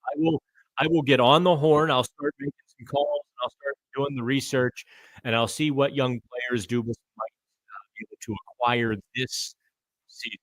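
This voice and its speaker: A middle-aged man hosts a live hockey chat and works through viewer comments off the cuff, often stopping to restart a thought. His voice sits in an ordinary middle pitch. It sounds dry and close, with almost no room echo. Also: fairly even intonation, normal speed. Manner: conversational, thinking out loud, stumbles on names. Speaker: hockey podcast host.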